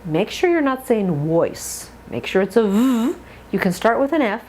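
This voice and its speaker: A woman teaching a pronunciation lesson, modeling long drawn-out words and giving short coaching tips. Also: a little high, sing-song, darkish tone, slight background noise. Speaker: accent coach.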